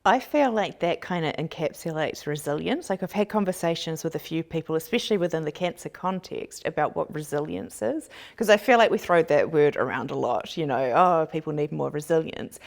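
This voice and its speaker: A woman's voice: low voice, brisk, gravelly, few pauses. A woman hosting a podcast, talking in an earnest, reflective way during a casual chat. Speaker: podcast host.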